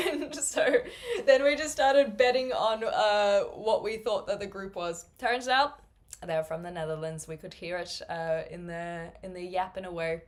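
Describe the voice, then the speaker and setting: A woman's voice: medium pitch, moderate pace. A woman live-streaming, chatting casually with her viewers, rambling with lots of fillers and frequent laughter.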